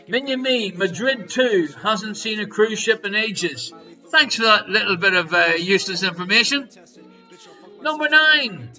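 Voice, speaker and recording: A high, bright-voiced male quizmaster runs a live-streamed pub quiz from home, his jokey, showman patter swinging widely in loudness. The audio quality is poor.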